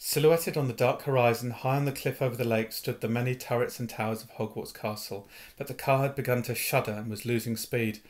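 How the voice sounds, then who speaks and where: A man reading a novel aloud in an expressive storytelling manner. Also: mid-range voice, fairly quick. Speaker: reader. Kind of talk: audiobook narration of a novel.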